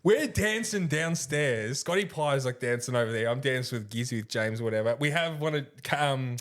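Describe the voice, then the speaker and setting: A man's voice: medium pitch, animated, normal speed. A man co-hosting a podcast, telling a rowdy night-out story, laughing often, swearing freely and acting out what others said. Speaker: podcast co-host. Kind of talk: casual storytelling chat.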